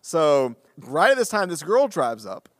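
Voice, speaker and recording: Animated storytelling pastor, dry close mic. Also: male voice, fairly high pitch, a little slow, no echo. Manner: animated and self-deprecating, acting out the dialogue. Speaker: pastor and podcast co-host. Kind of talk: casual conversational storytelling.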